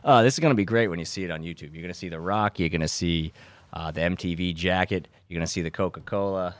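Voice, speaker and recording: A young man, a podcast host rambling in a sarcastic deadpan way with lots of filler words. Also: low voice, quick pace, no room sound. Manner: dry sarcastic delivery with frequent filler words. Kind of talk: rambling deadpan comedic monologue.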